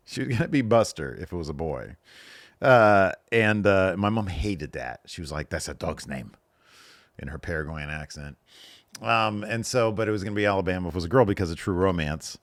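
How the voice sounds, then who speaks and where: A man's voice: sits low, no room sound, studio quality. A man in his thirties hosting a podcast, reading viewer questions aloud and answering them in a loose, joking way. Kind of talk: casual solo Q&A chat.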